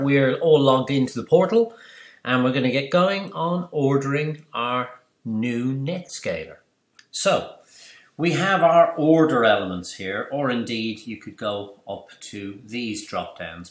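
A man presenting a screen-recorded software tutorial, chatty and explanatory, asking and answering his own questions. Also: medium pitch. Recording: roomy echo.

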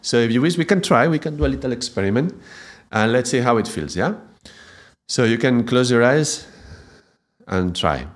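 A man teaching Kundalini Yoga in a gentle spiritual talk, often checking in with "yeah?". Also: mid-range voice, lively intonation, normal speed.

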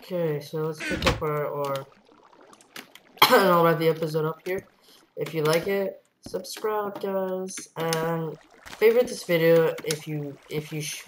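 A woman giving casual let's-play commentary, rambling along and bursting into excited yelps. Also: deep voice. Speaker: gameplay commentator. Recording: noisy home computer mic.

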